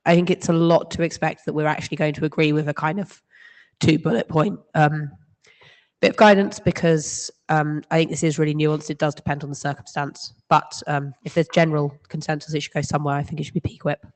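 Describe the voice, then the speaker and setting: A woman who is losing her voice speaking hesitantly, with many pauses, at an open microphone in a meeting. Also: low-pitched, little pitch movement. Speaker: meeting participant. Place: large meeting hall. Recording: long hall reverb.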